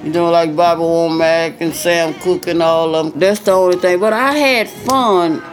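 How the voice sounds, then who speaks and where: In a casual interview, an older woman who used to sing shares stories, voicing the characters she quotes and often saying "you know." She speaks at a normal speed with a fairly low pitch while soft music plays behind her.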